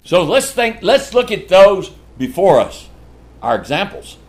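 Preacher man, folksy and lively, slightly high voice, swings from loud to hushed, laughs often. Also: unhurried. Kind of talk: sermon.

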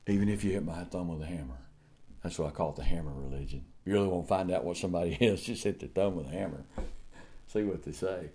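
An older man preaching a sermon in a folksy, emphatic way, swinging from loud declaiming to quiet asides, with drawn-out repeated phrases and stammered restarts. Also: deep voice.

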